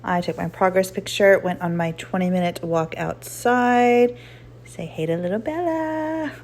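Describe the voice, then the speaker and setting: A woman's voice: fairly low pitch, a little slow, a little mellow. Chatty woman vlogger. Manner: chatty and upbeat, says "y'all" and "girl". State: out of breath while walking. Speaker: weight-loss vlogger. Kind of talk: casual chat to camera.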